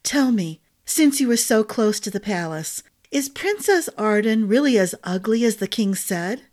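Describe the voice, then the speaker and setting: A woman's voice: mid-range voice, lively intonation, normal speed, darkish tone, natural voice. A woman voicing a gossipy, motherly head cook who talks with emphatic fondness.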